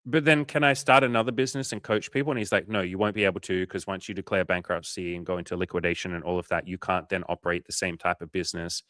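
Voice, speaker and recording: A man with a low voice talks quickly and rarely pauses, recorded dry with studio quality. He's hosting a coaching livestream, answering viewers in casual chat and telling animated stories full of swearing and acted-out dialogue.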